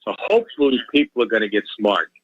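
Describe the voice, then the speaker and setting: A man's voice: lowish voice, sing-song, fast talker. A man calling in to a radio show, ranting and pleading with emotion and repeating himself. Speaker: caller. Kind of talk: impassioned call-in rant. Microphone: telephone. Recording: muffled phone line.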